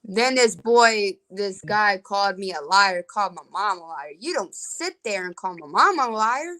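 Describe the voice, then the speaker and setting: 20s woman ranting on an open mic, tense bright voice, blunt and fed up. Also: mid-range voice, animated, unhurried, low-quality recording. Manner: venting, indignant and blunt. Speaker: live-stream host. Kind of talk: casual open-mic rant.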